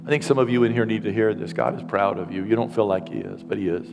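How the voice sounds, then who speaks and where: A man's voice: on the low side, quick pace, creaky, over music. Older guy pastor preaching, earnest and teary, pokes fun at himself, long church echo. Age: 60s. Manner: earnest, emotional, self-deprecating. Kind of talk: sermon. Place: church sanctuary.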